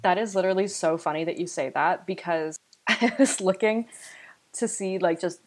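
A woman's voice: on the low side, normal speed, faint music behind, low-quality recording. A young woman co-hosting a podcast, chatting casually about a horror film and filling her talk with "like" and "you know.". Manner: chatty, filler-heavy, uses "like" a lot. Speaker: podcast co-host. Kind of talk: casual chat.

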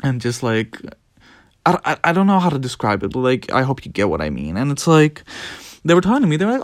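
Animated young Dutch man rambling. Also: a little fast, dry recording, studio quality. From Netherlands. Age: young adult. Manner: animated, profane, mimics others in squeaky voices. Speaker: podcast host. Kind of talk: casual rambling monologue.

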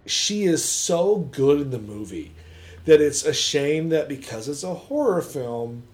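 A man's voice: on the high side, sing-song, measured pace, darkish tone. Rambling, profane man chatting about movies. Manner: rambling, profane, acts out reactions in quotes. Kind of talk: casual chat about movies.

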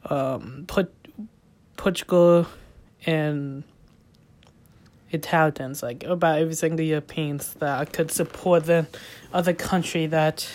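A woman from the United States hosting her own casual solo podcast, her voice sitting a little low. She talks in a loose, wandering way, stopping and restarting, with bent grammar and plenty of fillers. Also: steady tone, a little mellow. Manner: rambling and halting, with loose grammar and frequent fillers. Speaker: podcast host.

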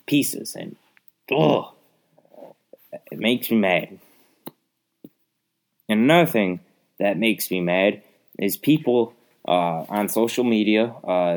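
Low-voiced young man ranting casually. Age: young adult. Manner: exasperated, rambling, many fillers. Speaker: podcast host. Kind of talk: casual solo rant.

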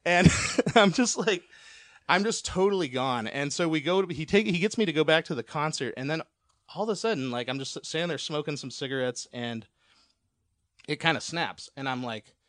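A man's voice: on the high side, expressive, moderate pace, fairly bright tone, no echo, studio quality. A man telling a long, rambling personal story as a podcast guest, laughing often and swearing freely.

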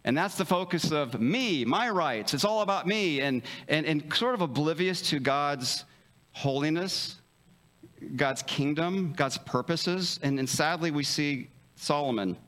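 A man preaches in a fairly high, fairly bright voice, keeping his sermon casual and humorous. He often stammers and starts over, and he brings quick lines of dialogue to life with livelier voices in a conversational style.

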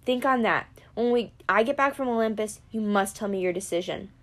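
A woman reading the part of a weary, kindly old male centaur teacher in a gentle, measured, grave way. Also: mid-range voice, natural voice. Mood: gentle firmness. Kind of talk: audiobook character reading.

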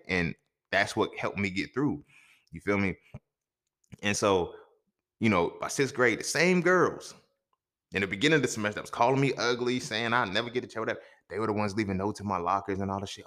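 A man's voice: on the low side, animated, quick pace, fairly bright tone. A young man hosting a podcast, telling a personal story in a loose, profane, conversational way, often checking in with the listener. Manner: loose, profane, conversational with frequent "you feel me". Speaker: podcast host. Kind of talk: casual storytelling monologue.

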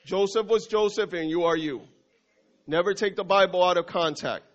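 Male pastor, high voice, emphatic repetitive sermon delivery; dull lo-fi recording. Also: normal speed. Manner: emphatic, repetitive preaching with call-and-response.

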